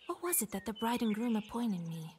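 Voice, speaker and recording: An actress voicing a calm, defensive young witch in a video game. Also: on the high side, fairly quick. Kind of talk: game voice acting. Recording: reverberant with clear background noise.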